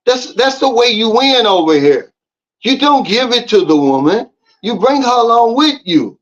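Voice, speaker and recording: High-voiced man giving emphatic advice. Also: big pitch swings, moderate pace, a bit bright. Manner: emphatic, preachy, talks straight to viewers. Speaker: vlogger. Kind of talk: casual advice monologue to camera. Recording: slightly dull lo-fi audio.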